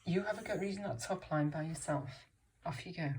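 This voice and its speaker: A woman teacher reading a picture book aloud to young children, slow and encouraging, asking them questions. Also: fairly low pitch, darkish tone, recorded from a distance, a little hiss or hum. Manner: slow, encouraging, asks questions and puts on voices for characters. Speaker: primary school teacher.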